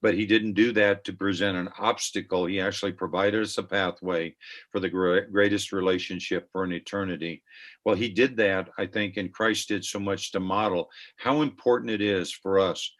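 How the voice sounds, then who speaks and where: An older man with a notably low voice talks earnestly as a podcast guest. He is reflective and conversational, drawing on personal stories. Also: steady tone, moderate pace, a bit bright. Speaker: guest, ministry founder.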